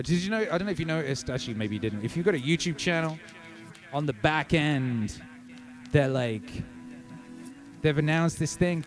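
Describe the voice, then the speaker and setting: A man hosting a music livestream, chatting casually and reading viewer comments aloud, hyped and profane, swinging between shouted shout-outs and low murmurs.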